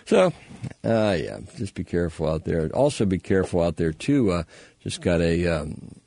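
A man's voice: low voice, big pitch swings, moderate pace, gravelly, mellow, no room sound. A man hosting a call-in radio show, chatting casually and rambling with lots of fillers. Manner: easygoing, rambling with many fillers.

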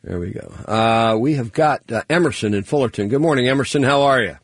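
Husky, easygoing radio host man. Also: mid-range voice, lively intonation, a little fast, no echo. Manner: friendly, easygoing, thinks aloud with restarts. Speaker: radio call-in show host. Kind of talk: casual call-in radio chat.

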